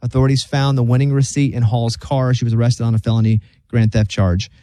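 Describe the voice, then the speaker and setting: A man's voice: medium pitch, brisk, no room sound. A man hosting a radio show, chatting casually and joking as he reads stories out. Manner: joking, animated storyteller who slips into silly voices.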